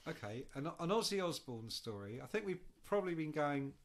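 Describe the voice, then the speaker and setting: A man's voice: fairly high pitch, fairly quick. A man, co-hosting and telling rowdy stories in casual chat, swearing freely. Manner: animated, swearing, acts out the voices. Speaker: podcast co-host.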